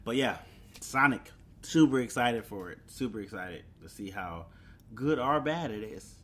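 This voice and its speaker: Young guy rambling thru movie news on his podcast, laid back, chuckles a lot, mid pitched voice. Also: expressive, a little slow, fairly bright tone, a little hiss or hum. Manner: casual, chuckling, rambling with fillers. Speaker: podcast host. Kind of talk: solo podcast news chat.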